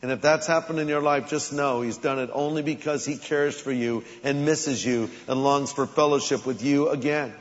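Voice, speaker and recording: A man's voice: medium pitch, steady tone, normal speed, few pauses. A male pastor delivering a sermon in a conversational style with dramatic emphasis. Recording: long hall reverb, dull lo-fi sound.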